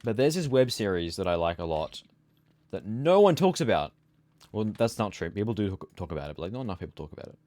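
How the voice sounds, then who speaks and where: A young man, sleepy and yawning, streams a game and chats casually, rambling until he trails off into mumbles. His low voice is expressive and comes in rapid-fire bursts with few pauses, slightly mellow on a dry recording.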